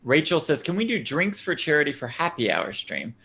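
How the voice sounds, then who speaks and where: A man's voice: on the high side, huge pitch swings, a little fast, gravelly, sharp tone. A man from the United States co-hosting a poker stream, wry and self-deprecating, reading chat comments aloud. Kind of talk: casual banter commentary.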